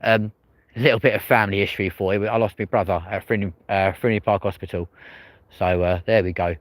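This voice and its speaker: A man with a southern English accent rambles through a casual livestream, swearing freely and looping back to the same stock phrases. His voice sits fairly low. The sound is close and dry. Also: steady tone, fast, no echo. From England. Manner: rambling, swears freely, repeats "but there we go". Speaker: livestream host. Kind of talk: casual live-stream chat. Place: outdoors at night.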